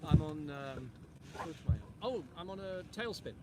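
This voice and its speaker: A man's voice: a little high, expressive, moderate pace, dark tone. A man with an English accent chatting cheerfully and playfully from his kayak out on the water. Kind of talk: casual chat.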